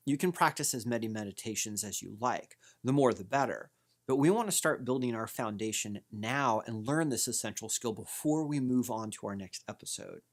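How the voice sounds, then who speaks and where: A man calmly explaining meditation techniques as a course instructor, in a measured teaching voice. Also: mid-range voice.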